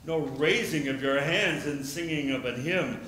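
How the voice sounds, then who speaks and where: A man preaching a sermon as pastor, telling the story with lively questions in the voices of the crowd. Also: fairly high pitch, measured pace, a little hiss or hum. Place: church sanctuary. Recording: echoey church room.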